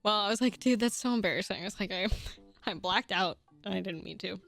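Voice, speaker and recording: A young woman telling a personal story in a casual, animated way, swearing freely, laughing often and restarting her sentences. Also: medium pitch, fairly quick, gravelly, faint music behind.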